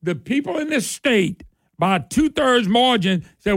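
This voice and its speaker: A man hosts a political talk radio show, sarcastic and folksy as he rails on. His voice sits high and carries a gravelly fry. The studio sound is dry and close. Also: sing-song, measured pace, a bit bright, no room sound.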